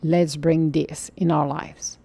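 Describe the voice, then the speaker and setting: A woman in her forties giving an earnest, encouraging spiritual talk, sometimes sinking into a soft whisper. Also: sits low, little pitch movement, slow pace, gravelly, husky, no room sound. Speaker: spiritual motivational speaker. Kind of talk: inspirational monologue.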